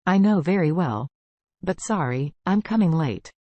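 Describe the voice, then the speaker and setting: A woman reading the lines of an anxious, pleading young husband in a narrated story, in a low voice. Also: animated, measured pace, warm tone, no echo, dull audio. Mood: apologetic. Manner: apologetic, earnest.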